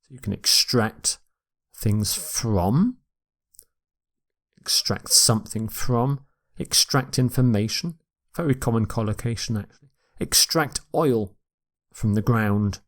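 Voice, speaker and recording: A man teaching English vocabulary in a lecture, slowly repeating each word and its pronunciation for learners. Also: lowish voice. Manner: slow and deliberate, repeating words for pronunciation.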